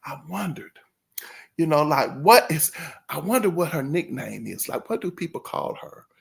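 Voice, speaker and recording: Guy chatting to his channel, high lively voice, slow and rambly, laughs a lot. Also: creaky. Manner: laughs often, rambling, imitates others. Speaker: channel host. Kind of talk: casual storytelling to camera.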